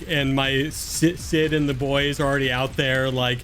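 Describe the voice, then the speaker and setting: A man's voice: mid-range voice, flat delivery, normal speed, fairly bright tone, a little hiss or hum. A man playing in a tabletop game, telling his character's actions in a loose, laughing way full of "like". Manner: storytelling with frequent "like", laughing. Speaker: player. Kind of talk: casual tabletop role-play.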